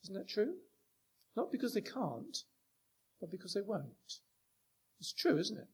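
High-voiced man preaching a sermon. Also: big pitch swings, a little slow, breathy edge. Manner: rhetorical questions, rising emphatic delivery.

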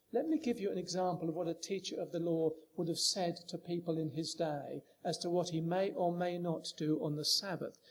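A man's voice: high-pitched, a bit bright. A man preaching a sermon, talking with emphatic rises and frequent rhetorical questions to the congregation.

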